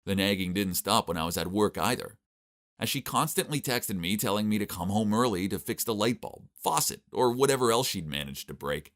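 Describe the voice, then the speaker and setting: A young man giving wry, exasperated first-person narration of an animated story. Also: lowish voice, brisk. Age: young adult.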